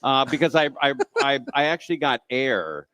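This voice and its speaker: A man's voice: mid-range voice, lively intonation, normal speed, fairly bright tone, dry recording. A man hosting a talk show, chatting casually and telling his own stories with enthusiastic reactions. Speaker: host.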